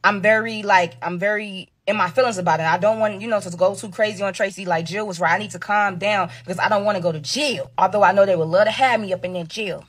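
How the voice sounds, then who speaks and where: A woman's voice: mid-range voice, fast, hardly any pauses, husky. A woman reading a dramatic story aloud, full of slang and asides to the viewers.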